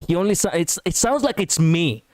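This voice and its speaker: A man streaming casual reaction commentary, chatty and quick to laugh, on a close mic. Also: sits high, expressive, a little mellow, no room sound.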